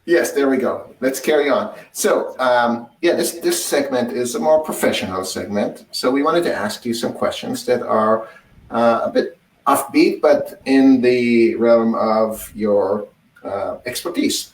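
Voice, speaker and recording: Co-host, man, halting questions, distant roomy sound. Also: medium pitch. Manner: hesitant questions with fillers. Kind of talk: live show chat.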